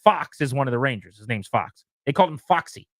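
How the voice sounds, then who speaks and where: A man's voice: medium pitch, lively intonation, fast, no echo, clean studio sound. A man co-hosting sports talk radio, talking in an exasperated, sarcastic way.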